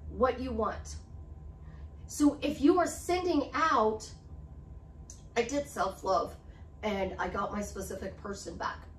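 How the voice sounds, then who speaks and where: Woman coach hyping affirmations over and over, highish voice, echoey room, mic kinda far. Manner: emphatic, repetitive affirmations. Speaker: life coach. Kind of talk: motivational talk to camera. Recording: roomy, slightly distant mic with faint hiss.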